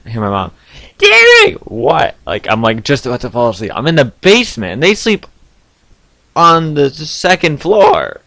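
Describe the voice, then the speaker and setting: A young man telling stories to camera from his home basement in a casual, animated way, with sudden loud outbursts and frequent laughs. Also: medium pitch, moderate pace, no room sound. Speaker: vlogger.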